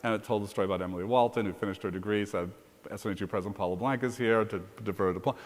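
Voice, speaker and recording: A man, a university president, telling brisk anecdotes in a conference fireside chat on stage. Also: fairly low pitch. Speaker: university president being interviewed. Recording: long reverb of a conference hall.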